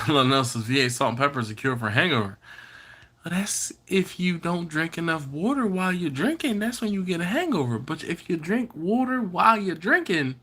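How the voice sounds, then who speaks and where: Bright-voiced chatty man reading live comments. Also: a little high, very animated, normal speed, slightly rough. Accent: Maryland. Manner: chatty, reads out viewer comments and teases them. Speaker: BBQ channel host. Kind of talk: live stream chat reading. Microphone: computer or phone setup.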